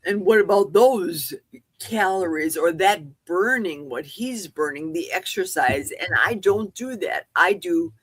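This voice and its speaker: A woman's voice: on the low side, animated, measured pace, husky, no echo. A woman in her sixties co-hosting a casual podcast, speaking candidly and reading chat comments aloud. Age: 60s. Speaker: podcast co-host.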